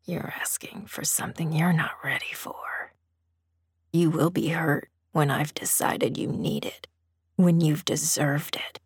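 A woman voicing a stern, teasing male master in a low, rough, commanding whisper, as whispered role-play. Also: no room sound, studio quality, heavily acted.

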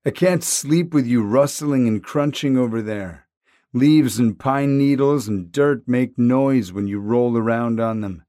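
A man's voice: mid-range voice, measured pace, darkish tone, no echo, clean studio sound, close to an everyday voice. Man doing a snarky hurt teenage boy. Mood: snippy. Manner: sarcastic, snippy.

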